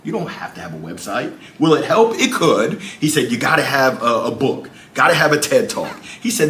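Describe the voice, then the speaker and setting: A man who is a guest speaker, talking in a lively, playful way and telling stories with energy in an interview. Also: medium pitch, normal speed, few pauses, roomy sound. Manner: upbeat, playful, animated storytelling.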